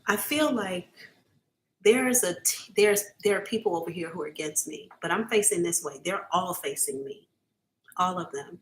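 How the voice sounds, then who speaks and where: A woman's voice: fairly low pitch, moderate pace. A woman giving a live-streamed psychic reading to her viewers. She talks casually and emphatically, keeps checking in with "okay?", and is earnest and openly emotional. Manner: emotional, earnest, at times near tears. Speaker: psychic reader.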